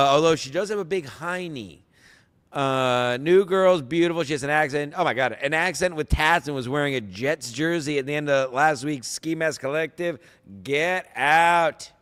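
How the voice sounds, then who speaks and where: A man's voice: a little high, measured pace, a bit bright, clear, resonant tone, in a large hall. A man hosting a podcast in casual solo chat, rambling, sarcastic and profane. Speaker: podcast host.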